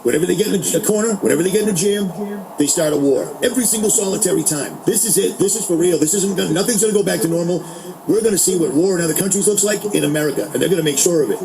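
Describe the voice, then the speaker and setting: Fired-up man ranting fast. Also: high-pitched, creaky, crowd noise, rough recording. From Boston. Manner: heated, indignant, emphatic. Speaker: podcast host. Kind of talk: angry political rant.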